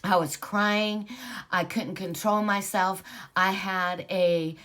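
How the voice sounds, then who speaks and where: A woman in her sixties casually telling her own spiritual story, rambling with many fillers and growing animated at times. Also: mid-range voice, slow. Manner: rambling, filler-heavy, animated when excited.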